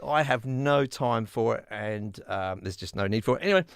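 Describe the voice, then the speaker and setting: A man's voice: medium pitch, normal speed, creaky, clear, resonant tone, no room sound. A man hosting a casual live-stream chat, rambling and joking, swearing freely, talking over a video call. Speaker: host.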